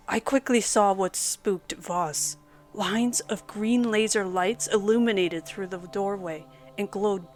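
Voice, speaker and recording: Woman narrating a horror story. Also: medium pitch. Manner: dramatic, measured storytelling. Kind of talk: scripted first-person narration. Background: soft background music.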